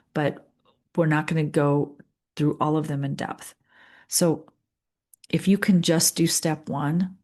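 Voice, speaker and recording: Calm low-voiced woman coaching. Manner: calm, earnest, repeats phrases with pauses. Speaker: leadership coach. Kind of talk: guided coaching session.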